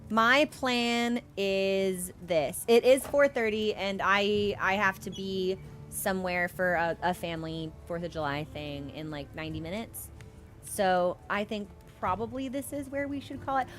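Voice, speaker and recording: A woman's voice: medium pitch, unhurried, fairly bright tone, faint music behind. A woman live-streaming a video game, chatty and rambling, laughing easily as she talks to her viewers. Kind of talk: casual live-stream chat while gaming. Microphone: headphones with a wired mic.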